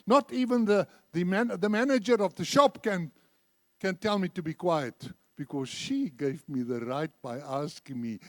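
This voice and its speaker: Older male preacher in his seventies, high voice, dry close sound, lively storytelling sermon. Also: normal speed, no echo. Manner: animated storyteller, acts out dialogue. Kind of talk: sermon with told anecdotes. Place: church.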